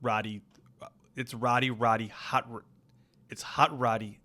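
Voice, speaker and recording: Brief: male podcast guest, rambling deadpan improv, middle pitch. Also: a little slow. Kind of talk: improvised comedy podcast chat.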